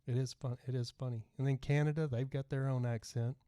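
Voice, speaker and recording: A man's voice: medium pitch, steady tone, brisk, warm tone, smooth, dry recording, clean studio sound. A middle-aged man with a light Texas twang, hosting a casual livestream podcast and rambling as he reads out viewer comments. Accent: Texan. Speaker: podcast host.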